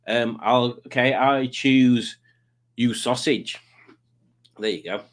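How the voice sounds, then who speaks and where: Brief: male stream host, medium pitch, jokey and rambling, casual live chat. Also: slow pace. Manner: rambling, self-mocking, jokey.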